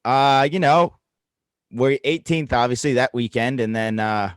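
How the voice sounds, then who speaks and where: A man's voice: medium pitch, a little slow, smooth, no room sound. A man co-hosting a podcast over a call, easygoing and rambling with fillers and the odd swear. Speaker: podcast co-host, coach. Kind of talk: casual chat over video call. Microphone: video call setup.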